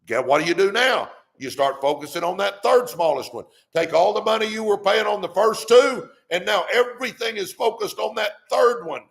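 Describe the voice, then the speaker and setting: A man's voice: high voice, lively intonation, normal speed, gravelly, few pauses, fairly bright tone. A middle-aged man, hosting a live stream and preaching money advice in a fired-up way that keeps repeating "come on". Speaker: host.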